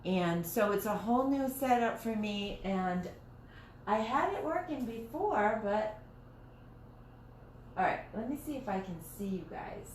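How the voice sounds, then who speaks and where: A woman's voice: mid-range voice, lively intonation, a little slow. A woman hosting a casual live stream from her dining room, chatting in a rambling way and often restarting her sentences. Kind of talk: casual live-stream chat while crafting. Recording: roomy echoey home room, faint noise.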